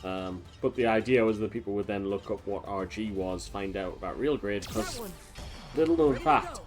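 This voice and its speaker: A man's voice: fairly low pitch, moderate pace. A man streaming a video game, chatting casually and wandering off into long tangents full of fillers. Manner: rambling, talks in long tangents with many fillers. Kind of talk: casual let's-play commentary. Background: faint game music.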